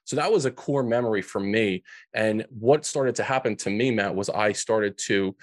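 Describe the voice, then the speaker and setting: On a dry recording, a man with a lowish voice talks at a moderate pace as a guest on a podcast. His emotional account of a hard childhood comes across as earnest, and he keeps restarting what he's saying.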